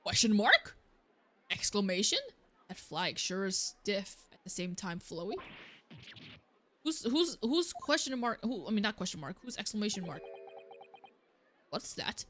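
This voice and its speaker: A woman's voice: medium pitch, big pitch swings, unhurried, pauses often, a bit bright, slight background noise. A young woman streamer giving casual, scatterbrained commentary while playing a game and reading lines aloud. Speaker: let's play streamer. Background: game music.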